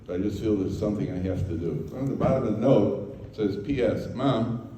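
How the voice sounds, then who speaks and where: Dark-voiced American rabbi in echoey hall. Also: male voice, fairly low pitch, fairly quick, a little hiss or hum. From United States. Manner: chatty, jokey asides, acts out dialogue. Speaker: rabbi giving a talk. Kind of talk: Torah talk with humorous storytelling. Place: lecture hall to a live audience. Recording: echoey hall, mic from far off.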